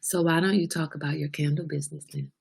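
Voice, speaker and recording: A woman's voice: sits low, fairly even intonation, fast talker, creaky, darkish tone, breathy edge. A woman in her forties hosting a casual livestream chat, talkative and laughing, teasing her son with mock exasperation. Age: 40s. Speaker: livestream host.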